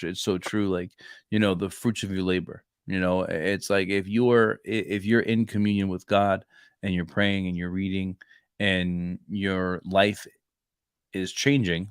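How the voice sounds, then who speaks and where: A man's voice: sits low, smooth, no echo, studio quality. A man co-hosting a casual faith podcast, telling rambling stories and acting out the dialogue in them. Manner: rambling storyteller, acts out quoted dialogue. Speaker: podcast co-host; Marine reservist.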